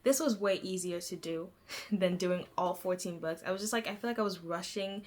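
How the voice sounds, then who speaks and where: A woman's voice: on the low side, normal speed, noisy background. Young woman vlogging her reads, chatty, stutters a lot, self-deprecating. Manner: rambling, filler-heavy, self-deprecating, stuttering. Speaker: book vlogger. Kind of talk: casual book review chat.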